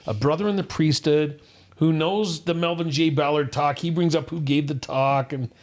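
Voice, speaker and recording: A man's voice: a little high, steady tone, moderate pace, darkish tone. A middle-aged man from Utah, co-hosting a podcast and telling a personal story in an earnest, rambling way, full of restarts. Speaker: podcast co-host. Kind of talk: casual chat, personal story.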